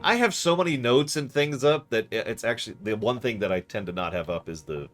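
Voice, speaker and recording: A man running an online tabletop game as game master, chatty with quick self-deprecating asides. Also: medium pitch, expressive, soft background music.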